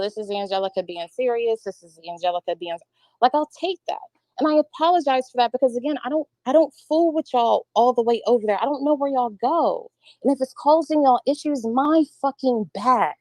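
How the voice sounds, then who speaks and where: A woman's voice: high voice, a little fast, a little mellow, dry recording, low-quality recording. A woman arguing heatedly on an online debate panel, combative and profane, insisting on her side. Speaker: panel guest.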